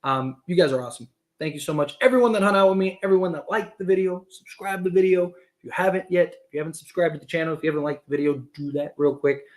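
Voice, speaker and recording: A man's voice: a little high, fast. Rambling man chatting on a livestream. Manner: rambling, filler-heavy, laughs often. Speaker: basketball commentator and streamer. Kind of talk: casual livestream chat.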